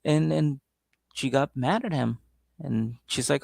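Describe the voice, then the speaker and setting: Man, comedy podcast co-host, gravelly voice, dry close sound, lively storytelling with squeaky impressions. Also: takes it slowly, dry recording. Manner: animated storytelling with high-pitched impressions. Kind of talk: casual comedic chat.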